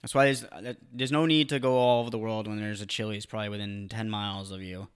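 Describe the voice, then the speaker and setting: A young man co-hosting a podcast, joking in a dry, deadpan way in casual chat. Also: on the low side, fast talker, clean tone. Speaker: podcast co-host.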